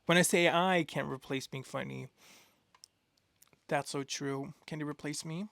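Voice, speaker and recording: Gushing young man with a gravelly voice. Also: on the high side, measured pace, dry recording, studio quality. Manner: excitable, gushing, rambling with many fillers. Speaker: art vlogger. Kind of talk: casual chat.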